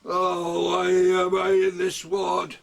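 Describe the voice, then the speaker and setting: A man's voice: sits high, completely flat delivery, slow pace, gravelly, distant mic. An older man reciting his own comic poetry at home, delivering it wryly, with chuckles and asides. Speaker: amateur poet.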